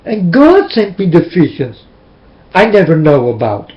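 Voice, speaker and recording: Dutch guy preaching into his webcam, fervent, kinda high pitched, muffled cheap mic sound. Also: huge pitch swings, measured pace. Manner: fervent, preachy, addresses viewers as "people". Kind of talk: religious webcam monologue. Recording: dull lo-fi webcam audio.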